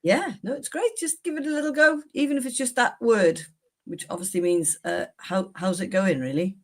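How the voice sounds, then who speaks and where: A woman's voice: medium pitch, normal speed. Chatty woman politician on radio. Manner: chatty, emphatic, many restarts. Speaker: politician guest. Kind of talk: breakfast radio interview.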